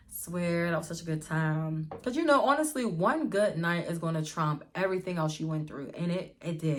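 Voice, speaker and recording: A young woman in a casual storytime vlog, chatting to viewers at home and calling them y'all. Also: deep voice. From Pittsburgh area, US. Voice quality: lively, swears freely, addresses viewers as y'all. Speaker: vlogger.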